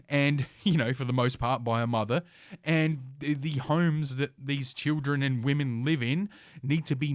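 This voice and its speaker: A man's voice: mid-range voice, no room sound, clean studio sound. A man hosting a podcast, ranting with scorn and heavy swearing while reading an article aloud. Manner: profane, scornful, sarcastic. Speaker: podcast host. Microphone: podcast mic.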